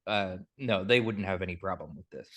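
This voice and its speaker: A man's voice: deep voice, a bit bright. Man running a tabletop game. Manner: halting, filler-heavy explaining. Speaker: game master.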